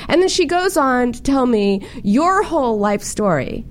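A middle-aged woman hosting a casual interview, chatty and animated as she tells stories. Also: fairly high pitch, normal speed, hardly any pauses, slight background noise. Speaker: show host.

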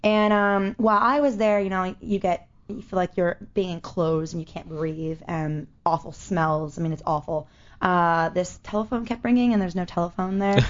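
A woman telling a story in casual chat, animated, with loose swearing and many fillers. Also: on the low side, moderate pace. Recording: dull lo-fi audio.

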